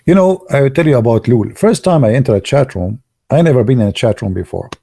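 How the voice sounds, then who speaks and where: A man whose first language is Arabic, telling stories casually in broken English, excitable and laughing at his own jokes. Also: mid-range voice, fast, creaky. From Arab world. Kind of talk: casual storytelling monologue.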